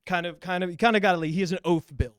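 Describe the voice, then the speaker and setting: A man telling a story in casual chat, acting out each line of dialogue and cursing as he goes. His voice sits a bit high, and the sound is dead dry, right up on the mic. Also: racing, clean tone, no room sound. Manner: animated storyteller, acts out quoted dialogue, swears freely. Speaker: podcast host telling a story.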